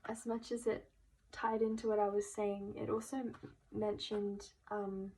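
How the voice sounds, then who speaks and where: A woman giving a pick-a-card tarot reading, speaking gently and emotionally and at times dropping into a whisper. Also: mid-range voice, level tone, measured pace, slight background noise, rough recording. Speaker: tarot reader. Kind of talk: soft-spoken tarot reading.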